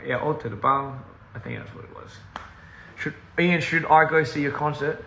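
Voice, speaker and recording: Streaming from home on his phone, a recording artist talks at a moderate pace in a higher, pushed, bright voice. His casual chat with viewers meanders and gets sidetracked, full of laughter and scattered Korean and other languages, in a rough, reverberant recording.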